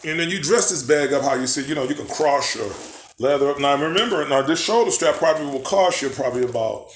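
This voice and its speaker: A man's voice: on the high side, lively intonation, fast. A man, rambling in a casual show-and-tell vlog and asking viewers to picture things. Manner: chatty, rambling, asks viewers to imagine. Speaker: vlogger. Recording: echoey room, faint background noise.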